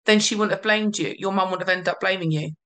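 A woman, a parenting coach giving advice in a podcast interview, explaining calmly with emphatic repeats. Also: medium pitch, quick pace.

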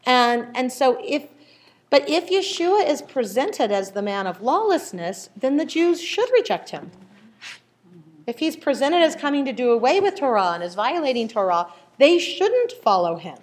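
A woman leading a casual group Bible study, retelling stories lively and acting out the voices of the people in them. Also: sits high, moderate pace. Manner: animated storyteller, acts out quoted voices.

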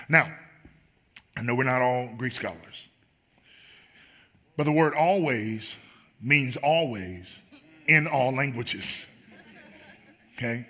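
A man's voice: mid-range voice, takes it slowly, pauses often, pushed and bright. A man preaching a sermon as pastor, emphatic and building on repeated phrases.

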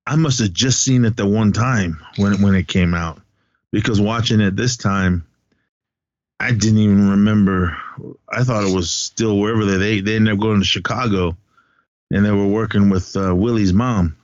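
A man's voice: lowish voice, steady tone, normal speed, no echo, highs cut off. A man with a son, chatting casually on a podcast as he retells a movie's plot, rambling, laughing often and acting out the characters' lines. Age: adult, has a son. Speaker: podcast co-host. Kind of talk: casual movie recap chat.

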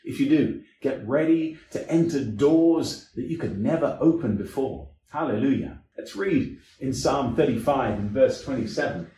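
A man's voice: mid-range voice, expressive, moderate pace, mellow, reverberant. A man preaching a sermon as an evangelist, with emphatic delivery that rises and drops in sweeping waves.

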